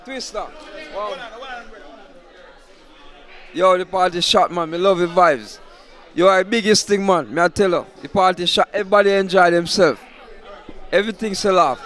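A man's voice: high voice, normal speed, pauses often, some chatter behind. Jamaican man hyping his party. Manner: loud hype shout-outs in patois. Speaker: party promoter interviewing guests. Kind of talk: shouting out guests at a party.

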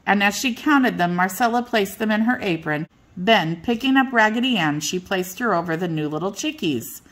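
An older woman reading a bedtime storybook aloud as a storyteller, gentle and unhurried. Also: medium pitch, expressive.

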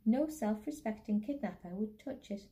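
A woman's voice: mid-range voice, animated, normal speed, warm tone, close to an everyday voice. A woman voicing a father who speaks in a wry, understated, dryly humorous way, reading from a storybook.

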